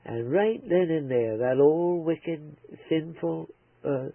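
A male preacher telling a moral story in a slow, earnest, halting way, heard over a tinny radio broadcast. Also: fairly high pitch, gravelly, no echo.

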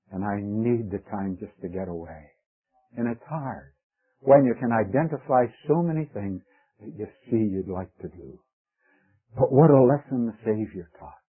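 A man preaching a sermon in an earnest, emphatic way, swelling on key words and dropping to soft asides. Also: on the low side, husky. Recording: tinny phone-like lo-fi recording.

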